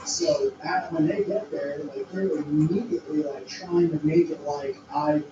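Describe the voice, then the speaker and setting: A man's voice: a little high, measured pace, muffled recording. A man telling a story from his past in casual conversation, rambling and frank, restarting often and swearing freely. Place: home studio room. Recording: very echoey room, far from the mic, noisy background.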